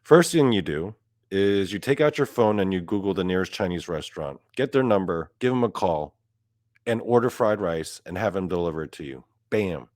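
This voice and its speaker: A young man with a deep, low voice delivers a profane comedic rant. He swears freely and his voice climbs when he gets worked up. The recording is close and dry, with no room sound. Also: animated, moderate pace, no room sound. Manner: profane, gets louder and higher when outraged. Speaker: podcast host. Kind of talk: ranting comedic monologue.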